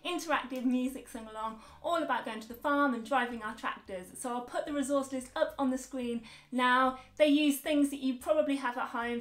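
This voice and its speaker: Bright high-voiced woman teaching little children. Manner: cheerful, slow and clear for small children, breaks into song. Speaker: early years music teacher. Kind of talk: interactive children's sing-along lesson.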